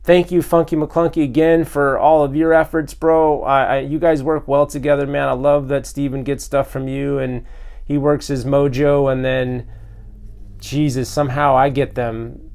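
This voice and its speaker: A man hosting a toy collecting vlog, unboxing custom figures with loud, gushing excitement and frequent exclamations. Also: medium pitch, normal speed, vocal fry. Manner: breathless from excitement.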